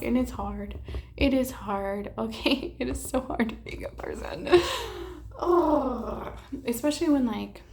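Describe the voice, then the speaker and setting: Tired young woman, gravelly rambling chat. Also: medium pitch, darkish tone, a little hiss or hum. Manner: rambling, candid, swears, many fillers and restarts. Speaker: vlogger. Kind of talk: casual chat to camera.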